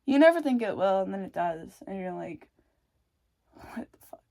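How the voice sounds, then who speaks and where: A young woman telling her own story in a casual, rambling way, swearing often, breaking off mid-thought and adding wry dark humor. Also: mid-range voice, animated, fairly quick, gravelly. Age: young adult. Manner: rambling and frank, swears often, self-interrupting.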